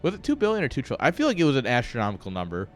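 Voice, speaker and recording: Soft music plays behind a man casting a strategy game on stream, his medium-pitched voice swooping wildly as he talks rapid-fire. He's an esports caster who wanders off-topic, pokes fun at himself and chuckles at his own jokes.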